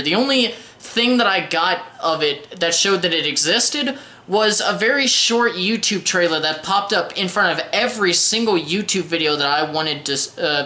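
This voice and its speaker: A woman's voice: on the low side, pushed and bright. A young woman giving a casual spoken film review in a wry, sarcastic way, often restarting her sentences. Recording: roomy echoey room.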